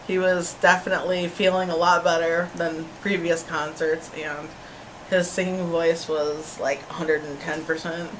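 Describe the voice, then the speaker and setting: A young woman eagerly telling a casual story, animated and laughing as she goes. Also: lowish voice, measured pace, slight background noise, poor audio. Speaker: concert-goer. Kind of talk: casual chat.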